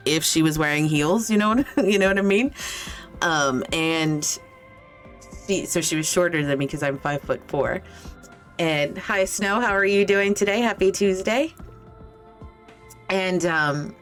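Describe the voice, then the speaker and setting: A woman game streamer chats loosely with her viewers from home through a desk mic, with faint music in the background. Her voice sits fairly low, and she rambles from one story to the next, swearing freely.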